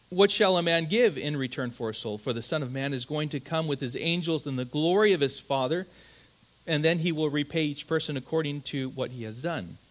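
A man with a somewhat high voice preaches a sermon. He speaks earnestly and with emphasis, often stammering into restarts and tossing in rhetorical questions. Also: fairly bright tone. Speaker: pastor.

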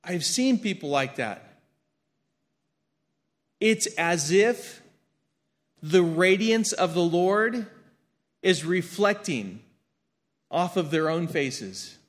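A man preaching a sermon and reading scripture aloud, earnest, swinging between emphatic lines and hushed ones, often repeating his words. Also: high voice, expressive, drawn-out words, pauses often. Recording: long hall reverb.

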